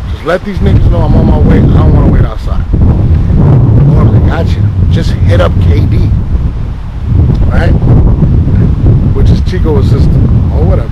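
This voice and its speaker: Heard over very noisy, lo-fi audio, a medium-pitched man tells a heated story as an interview guest. He's emphatic and profane, constantly tagging lines with "right?" and "you feel me?"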